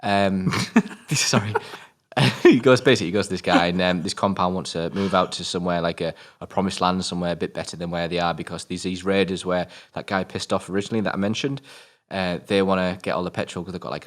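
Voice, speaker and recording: A British man co-hosting a film review show, rambling and halting, with lots of fillers and casual swearing. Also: low voice, fairly even intonation.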